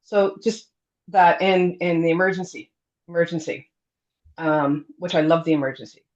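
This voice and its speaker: A middle-aged woman with a lowish voice, speaking at a moderate pace, tells her near-death story as a guest in a casual interview. She's a lively storyteller who acts out the other people's lines and uses many fillers, and the sound is dull and lo-fi.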